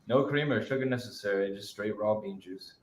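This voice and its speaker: A man's voice: lowish voice, fairly quick. A man guesting on a livestream, chatting casually with upbeat enthusiasm. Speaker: guest musician. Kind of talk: casual chat.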